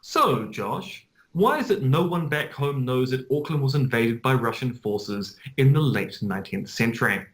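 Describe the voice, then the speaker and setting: A New man co-hosting a chatty podcast. His voice sits at a middle pitch, and he talks in an explanatory, wry way, laying out facts at an even, measured pitch. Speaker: podcast co-host. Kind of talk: casual chat.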